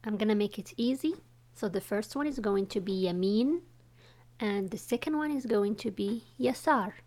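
A woman with an Arabic accent, a native Arabic speaker, calmly teaching words on a casual podcast. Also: mid-range voice. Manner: calm, patient, spells words slowly. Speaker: regular guest language teacher.

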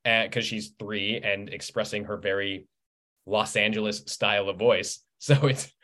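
A man in his thirties, a writer and podcast guest, chatting casually as a lively storyteller who laughs often and acts out quoted lines. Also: on the low side, unhurried. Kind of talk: casual interview chat.

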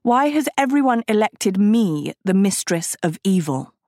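A gloomy, sardonic teenage girl, voiced by a woman reading a storybook. She speaks slowly in a flat, dry manner. The sound is close and dead dry. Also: medium pitch, no room sound.

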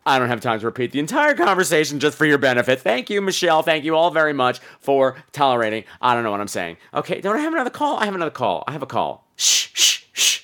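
A man hosting a podcast, chatting casually and reacting to voicemails with theatrical swings from low mutters to high squeals. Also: wildly swooping pitch, quick pace, hardly any pauses, fairly bright tone. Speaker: podcast host reading voicemails. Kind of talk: casual chat.

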